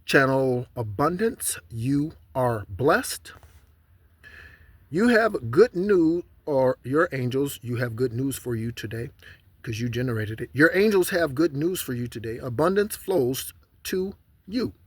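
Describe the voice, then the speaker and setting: A man's voice: medium pitch, expressive, slightly rough, dry recording. Man giving rambling spiritual guidance. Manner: repeats mantras slowly, rambling asides. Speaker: spiritual channeler. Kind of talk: casual spiritual guidance monologue.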